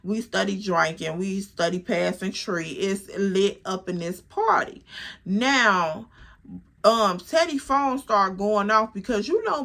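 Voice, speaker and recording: A woman in her twenties telling a casual storytime, animated and profane. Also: mid-range voice. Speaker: vlogger.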